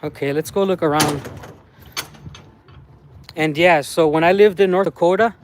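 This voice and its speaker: A man's voice: fairly high pitch, moderate pace, slight background noise. A man from the United States chatting casually on a live stream while out in a small town, rambling and often ending phrases with "man".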